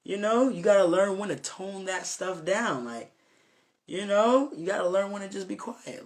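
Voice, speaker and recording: A young man with a high, light voice talks through a devotional lesson in an earnest, unscripted way. He rambles, circles back, and fills gaps with fillers and restarts. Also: lively intonation, moderate pace. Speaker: self-made preacher. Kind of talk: informal spoken devotional talk.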